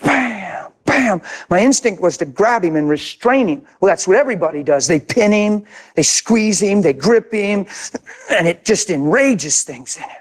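A man's voice: high voice, expressive, moderate pace. An older man preaching a sermon, telling a story with emphatic, intense repetition. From grew up in a city. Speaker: pastor.

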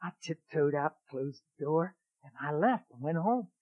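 A middle-aged man preaching, telling a testimony in a dramatic way that swings from loud exclaiming to a hushed near-whisper. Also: fairly high pitch, lively intonation, normal speed, phone-quality sound. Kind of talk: sermon testimony storytelling.

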